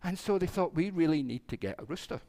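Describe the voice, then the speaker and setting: A man's voice: fairly high pitch, lively intonation, fast, mellow. A man, a minister telling a playful children's story during a church service and acting out the animals.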